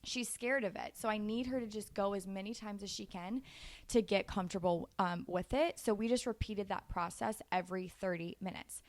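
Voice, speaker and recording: A woman in her twenties giving casual, animated parenting advice in a chatty way, laughing easily. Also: mid-range voice, moderate pace. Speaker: parenting vlogger.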